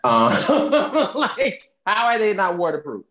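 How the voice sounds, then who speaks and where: Animated laughing podcast co-host. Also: medium pitch, slow. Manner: animated, laughing storyteller who acts out quotes; casual cursing. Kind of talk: casual movie recap chat.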